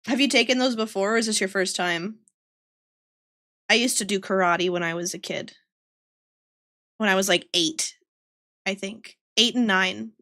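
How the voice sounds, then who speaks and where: A woman's voice: mid-range voice, moderate pace, pauses often, bright, forceful tone. A young woman streaming casually while she draws, chatting playfully with her viewers. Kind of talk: casual livestream chat while drawing.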